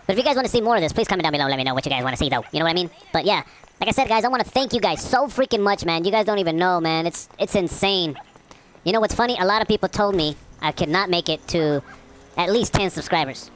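A woman's voice: fairly low pitch, slight background noise. A woman hosting her own gaming channel, chatting casually and profanely while she plays. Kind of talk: casual gameplay commentary.

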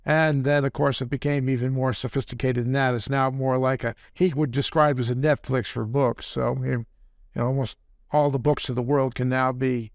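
An older man speaking as a podcast interview guest, relaxed and rambling, with a self-deprecating manner. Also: mid-range voice, normal speed, no room sound, studio quality. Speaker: guest, company founder and surgeon.

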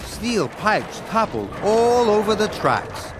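An American man narrating a children's story in an expressive storyteller manner. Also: sits high, takes it slowly, music in the background.

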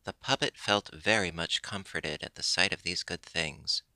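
A man reading a classic children's story aloud as narration, steady and expressive. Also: low voice, normal speed, no room sound. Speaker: audiobook reader.

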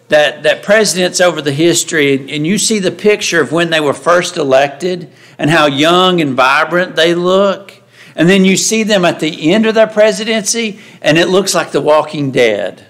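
In a church sanctuary, a man preaches a conversational sermon in a slightly high, fairly bright voice. He asks the congregation frequent rhetorical questions and acts out the voices of Bible figures when quoting them.

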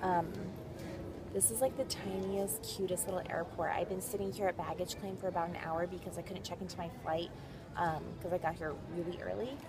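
In this travel vlog, a woman speaks fairly quickly in a lowish voice with fairly even intonation. She addresses the camera in a chatty, casual way, peppering her talk with "like" and "um," while the handheld footage picks up a noisy background.

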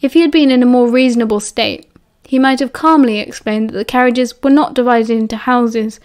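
British woman reading an audiobook, steady and expressive, kinda high voice. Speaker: audiobook narrator. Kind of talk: audiobook narration.

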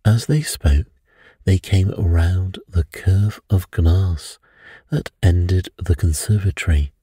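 A man narrating a bedtime detective story in a soft, measured, soothing way. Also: low-pitched, breathy edge, no room sound, studio quality.

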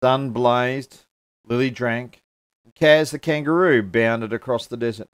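A man at a church service reading a children's picture book aloud with expressive storytelling. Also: medium pitch, unhurried, clean tone, no echo.

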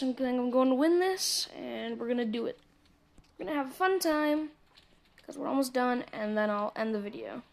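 A woman casually commentating a mobile game, chatting to viewers and muttering asides as she plays. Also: high voice. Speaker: gameplay commentator. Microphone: phone screen recording mic.

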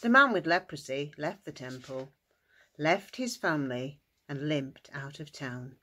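Slow, expressive woman storyteller. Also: sits low. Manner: expressive, sing-song, emphatic. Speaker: storyteller at school worship. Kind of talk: children's story narration.

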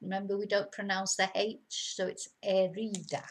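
A woman language teacher speaks to camera in a vocabulary lesson. She works through each word patiently, saying it in both languages. Her pitch sits in the middle for a woman. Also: completely flat delivery, moderate pace, a bit bright, a little hiss or hum.

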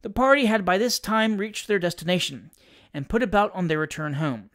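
Wry, expressive audiobook narrator. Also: medium pitch, brisk. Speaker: audiobook reader. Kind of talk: scripted narration of a classic story.

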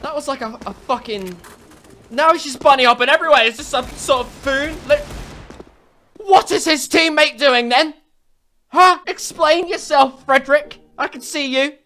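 Loud, foul-mouthed woman ranting over music. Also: high voice, normal speed. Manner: loud, profane, mocking rants; swings between shouting and muttering. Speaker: gaming commentator. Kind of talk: ranting game commentary. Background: background music.

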